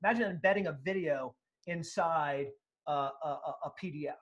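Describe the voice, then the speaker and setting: A man with a fairly high speaking voice talks through an interview answer at full energy. He is emphatic and animated, acting out quotes in other voices as he explains a sales method. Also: a little fast, muffled recording. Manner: animated, emphatic, acts out quotes, occasional profanity. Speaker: sales speaker and author, guest.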